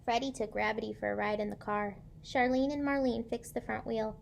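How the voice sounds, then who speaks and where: A woman's voice: fairly high pitch, fairly even intonation, fairly quick, creaky, slight background noise. A woman teacher reading a picture book aloud to children and stopping to ask them questions. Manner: asks children questions, gentle and encouraging.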